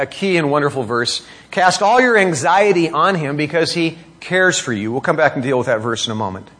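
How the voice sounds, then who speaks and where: A middle-aged pastor preaches a sermon, reading scripture and explaining it through rhetorical questions. His voice is a bit bright, and his pitch rises for emphasis.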